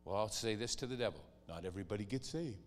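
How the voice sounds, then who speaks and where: A man preaching a sermon as pastor, animated and lively, sometimes mimicking whiny pleading voices. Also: fairly low pitch, fast talker, long reverb tail, slight background noise.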